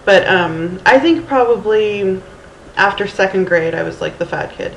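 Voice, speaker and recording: Gravelly and mid-range, her voice keeps a steady tone at a measured pace, with a little hiss or hum in the audio. This Houston woman in her thirties vlogs a rambling storytime into her camera's mic, Valley Girl-style, full of ums and restarts, in a roomy space with faint ambience.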